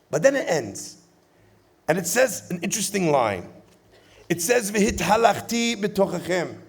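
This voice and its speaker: A man giving a rabbi's address to a conference audience from a lit stage, an animated and playful preacher who swings from loud to soft. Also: high voice. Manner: playful storyteller with jokes.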